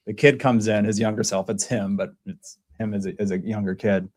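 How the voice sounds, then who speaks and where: A man hosting a casual interview podcast, retelling stories with lively quoted voices. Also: brisk, few pauses. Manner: animated storyteller, voices quotes in a high excited tone. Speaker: podcast host.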